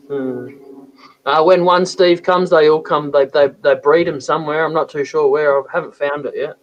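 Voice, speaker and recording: A man's voice: a little high, fairly even intonation, measured pace, long pauses. A man hosting a live stream, teasing his guests and laughing often. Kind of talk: casual live-stream chat. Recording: dull lo-fi audio.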